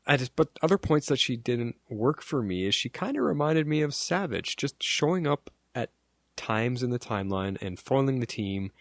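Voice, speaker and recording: A man's voice: on the low side, dry recording, clean studio sound. A man co-hosting a podcast in a laid-back, casual chat, chuckling often. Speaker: podcast co-host.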